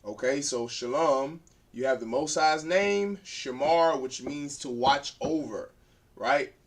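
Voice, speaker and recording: Slowly and in a mid-range voice, a man teaches an introductory language class, splitting words into syllables and repeating them while writing them on the board.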